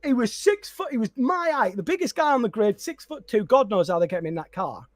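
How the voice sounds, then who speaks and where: A high-pitched man chatting on a podcast, telling a story with lots of energy, laughing between lines and restarting his sentences. The sound is close and dry, with no room echo. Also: fairly quick. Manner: animated storyteller, laughs often, many restarts. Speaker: podcast co-host and content creator. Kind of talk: casual chat.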